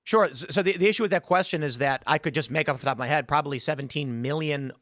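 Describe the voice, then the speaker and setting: A man hosting a political talk show, arguing his case intensely and building to loud, emphatic peaks. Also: fairly high pitch, quick pace, no room sound, studio quality. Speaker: podcast host.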